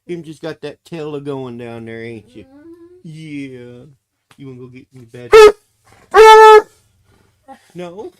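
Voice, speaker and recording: A man's voice: mid-range voice, animated, slow pace, pauses often, darkish tone, clean tone. A man streaming casually, cooing to his dog in baby talk and swearing freely when he rants. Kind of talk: casual live-stream chat.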